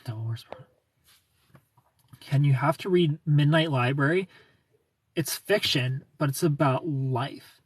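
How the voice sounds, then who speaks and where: A man's voice: fairly high pitch, slow, pauses often, husky. A man in his thirties casually chatting on a livestream, answering viewer comments in a rambling way with restarts and light laughs. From outside the United States. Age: 30s. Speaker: livestream host.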